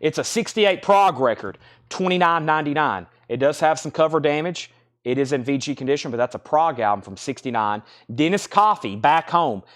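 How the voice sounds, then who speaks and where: A man's voice: on the high side, lively intonation, fairly bright tone. Southern man running a live record auction. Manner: brisk, chatty, reading bids and record details. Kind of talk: live-stream record sale patter.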